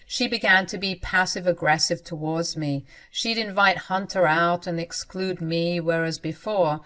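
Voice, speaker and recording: A woman narrating a first-person story in an expressive, dramatic storytelling manner. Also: on the low side.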